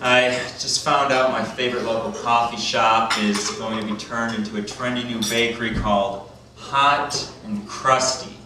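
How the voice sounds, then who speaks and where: A man doing a deadpan, self-deprecating stand-up comedy set. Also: medium pitch, moderate pace, background noise. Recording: echoey club from far off. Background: crowd laughter.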